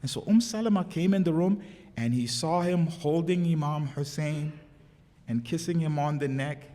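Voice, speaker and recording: A man's voice: a little high, normal speed, warm tone. A man giving a religious sermon, telling stories with passion and acting out the quoted speech. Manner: impassioned storytelling, acts out quoted speech. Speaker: sheikh giving a religious lecture. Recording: long hall reverb.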